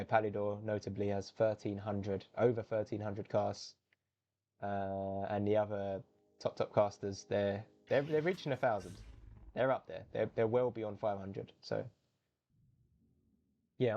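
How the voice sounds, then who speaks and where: A young man casting a live video game match on his own, chatty and self-correcting, then jumping to loud, high exclamations on big plays. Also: fairly even intonation, unhurried, lo-fi sound. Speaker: esports caster. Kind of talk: solo live game commentary.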